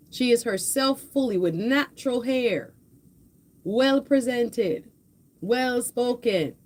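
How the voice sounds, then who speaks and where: A woman hosts a live political stream, talking straight to her viewers in a passionate, chatty way. Her voice sits a bit high, and she comments as she goes. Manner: passionate, conversational, addresses viewers as y'all. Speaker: host of a political livestream. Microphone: headphones with a mic, home streaming setup.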